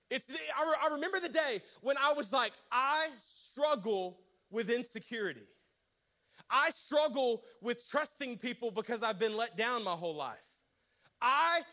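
High, bright young preacher. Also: male voice. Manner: energetic, joking, audience call-outs. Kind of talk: sermon with storytelling.

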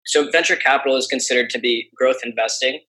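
A man with a bright, clear-edged voice asks questions in a curious, casual way. He sets up each question with his own thoughts before handing it over. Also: medium pitch, fast, rough recording. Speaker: interviewer. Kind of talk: interview questions.

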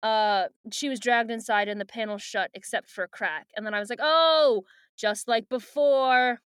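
A woman's voice: mid-range voice, fairly even intonation, brisk, fairly bright tone, smooth, no echo, clean studio sound. A young woman co-hosting a podcast, recapping a book in a chatty way with many fillers and frequent laughs. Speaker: podcast co-host. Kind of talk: casual book recap and chat.

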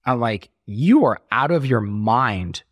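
A man's voice: medium pitch, expressive, slow, no room sound, studio quality. A middle-aged man telling his story as an interview guest, acting out quoted voices as he talks.

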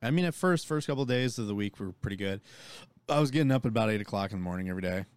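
A young man with a fairly low voice co-hosting a casual chat show. He tells stories loosely and swears often, in a relaxed, easygoing way. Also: racing, clear, resonant tone, dry recording. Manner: profane, storytelling, laid-back. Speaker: podcast co-host.

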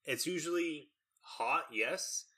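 A man's voice: fairly high pitch, takes it slowly, sharp tone, slightly rough. A young man from Texas in casual chat, talking loosely with many fillers.

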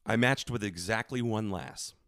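A man co-hosting a podcast, telling a funny story in an animated way and slipping into put-on voices. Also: fairly low pitch, normal speed, dry recording, clean studio sound. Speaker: podcast co-host. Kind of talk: comedic storytelling.

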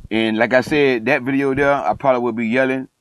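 Speaking fairly quickly in a mid-range voice with fairly even intonation, a middle-aged coach and online commentator gives a fervent, sermon-like monologue. He drives points home by repeating phrases and calls himself passionate. The recording is dry and low in quality.

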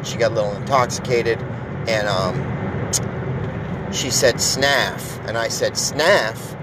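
A man's voice: fairly low pitch, steady tone, moderate pace, very noisy. A man hosting a podcast, telling rambling, profane, jokey stories in a casual monologue. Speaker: podcast host.

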